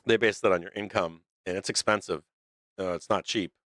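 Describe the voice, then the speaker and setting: Profane middle-aged male stream host, low and rambling, dry room. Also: fairly even intonation, brisk, fairly bright tone, no echo. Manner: blunt, profane, rambling with restarts. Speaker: stock market show host. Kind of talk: casual livestream rant.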